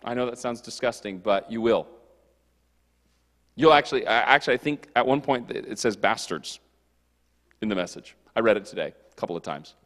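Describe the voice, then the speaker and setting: A man preaching a casual, animated youth sermon in a church, joking and slipping into quick character voices. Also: fairly low pitch. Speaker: youth pastor. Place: church hall. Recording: long hall reverb.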